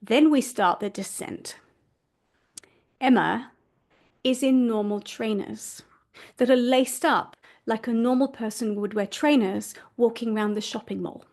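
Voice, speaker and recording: A woman's voice: fairly high pitch, measured pace, darkish tone. A woman podcast host telling a story in a self-deprecating way, laughing at herself. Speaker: podcast host and family constellations facilitator. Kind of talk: storytelling monologue.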